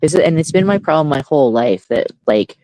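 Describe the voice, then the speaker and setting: A man's voice: a little high, animated, fairly quick, darkish tone, rough recording. A man in his forties ranting heatedly and with lots of swearing as a guest on a casual online panel chat. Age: 40s.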